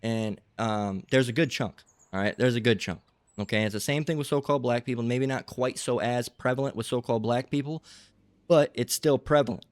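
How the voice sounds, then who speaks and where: A man's voice: mid-range voice, fairly quick, no room sound. A man giving a rambling religious lecture, tagging his points with "okay?" and "all right?". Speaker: religious teacher.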